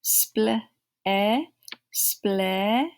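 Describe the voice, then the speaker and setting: A woman teaching a first-grade phonics lesson, sounding out each blend slowly and repeating every word several times. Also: medium pitch, clear, resonant tone. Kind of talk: phonics lesson for young children.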